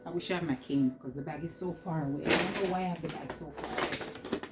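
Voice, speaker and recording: Seated at home, a female vlogger with a Jamaican accent chats through a clothing haul in a rambling way, laughing often. Her voice sits low and moves quickly, with loud music playing behind it.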